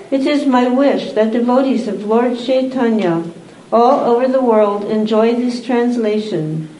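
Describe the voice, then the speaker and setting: A woman at a devotional gathering, reading aloud in a measured, formal way and then addressing the assembly. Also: fairly high pitch, dark tone, slight background noise. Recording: echoey room.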